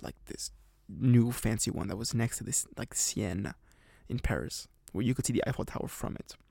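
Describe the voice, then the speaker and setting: A man voicing a big, gruff male bar owner who asks curt questions while telling a story. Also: on the low side, normal speed, darkish tone, no room sound.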